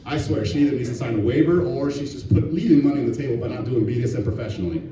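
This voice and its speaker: A man's voice: mid-range voice, expressive, racing, warm tone, a little hiss or hum. Man, stand-up comic, crude, brash, laughs at own jokes, echoey venue, heard from afar. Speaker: stand-up comedian. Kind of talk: stand-up set. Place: distillery venue with live audience. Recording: distant, echoey, muffled venue recording. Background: audience laughter.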